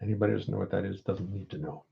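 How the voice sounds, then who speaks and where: A man's voice: low-pitched, steady tone, very fast, gravelly. An older man hosting a home livestream, chatting casually and wryly reading out viewer comments. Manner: rambling, wry, reads viewer comments aloud. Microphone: computer audio input. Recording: dull lo-fi livestream audio.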